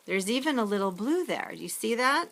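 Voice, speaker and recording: A woman's voice: fairly high pitch, fairly quick, creaky, voice pushed up, full character voice. A woman reading aloud as an eager, jokey young boy, the son of a fisherman. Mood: excited. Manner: excited, jokey.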